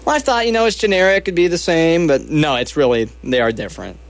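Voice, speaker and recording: Young man, fairly high voice, casual storyteller, animated and self-deprecating. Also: fast talker. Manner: animated, self-mocking, acts out quoted lines. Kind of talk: casual anecdote telling.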